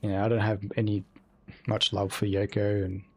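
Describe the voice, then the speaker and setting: Young guy streaming a game, kinda low voice, rambly and sweary, super chill. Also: flat delivery, moderate pace, a little mellow. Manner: rambling, profane, laid-back. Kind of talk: casual live-stream chat while gaming.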